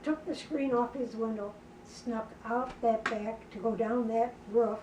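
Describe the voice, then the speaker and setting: A woman's voice: on the high side, steady tone, measured pace. An older woman telling a family story in casual talk, often asking her listeners if they can believe it. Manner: chatty narrator who keeps checking in with listeners. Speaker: sibling sharing family memories. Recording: roomy, distant mic, faint background noise.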